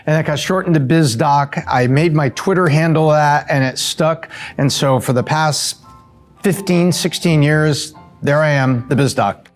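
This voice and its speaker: A middle-aged man from the US East Coast answering quick questions in a casual, upbeat way, with fillers and self-corrections. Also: on the high side. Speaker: show regular answering rapid-fire questions.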